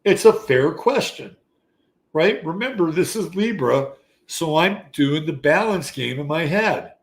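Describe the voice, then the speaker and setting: A man in his sixties, an astrology show host, telling a casual story in an animated, profane, conversational way. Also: fairly high pitch, a little slow. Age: 60s. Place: Texas.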